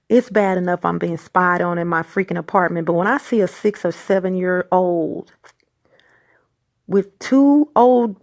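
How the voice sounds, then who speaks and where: A woman's voice: fairly low pitch, vocal fry, dry recording, clean studio sound. A woman hosting her own video, delivering a heated, exasperated rant full of stammers and restarts. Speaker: vlog host. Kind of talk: angry personal rant.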